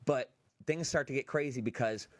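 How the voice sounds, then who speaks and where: A man hosting a podcast, excitedly retelling a film's scenes and acting out the quotes. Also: mid-range voice, normal speed, no room sound. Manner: animated retelling, acts out quotes. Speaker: podcast host. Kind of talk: excited movie review chat.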